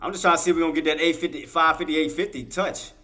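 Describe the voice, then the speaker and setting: An excitable man hosts a live trading stream with a bright, fairly high voice. He talks emphatically, repeats his calls, and grows heartfelt when thanking his viewers. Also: racing, soft background music. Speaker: livestream day-trading host. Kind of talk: live market commentary to chat.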